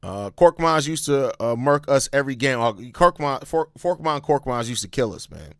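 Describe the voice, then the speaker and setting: A man hosting a live postgame reaction, talking bluntly with plenty of profanity and breaking into loud rants. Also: medium pitch, big pitch swings, moderate pace, dry recording, studio quality. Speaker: sports channel host.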